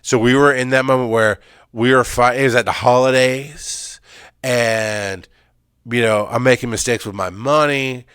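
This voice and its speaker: A man's voice: mid-range voice, fairly even intonation, unhurried, fairly bright tone, smooth, dry recording, studio quality. A middle-aged man, an EMS worker, candidly telling a painful personal story in an intense, emphatic way, often repeating phrases.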